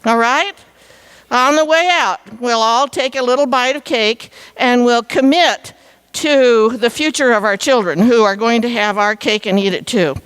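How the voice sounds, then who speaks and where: A woman's voice: a little high, measured pace, a bit bright, smooth. A woman giving a playful, chatty talk to a live audience, coaxing them to join in. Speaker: featured speaker. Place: meeting hall before a live audience.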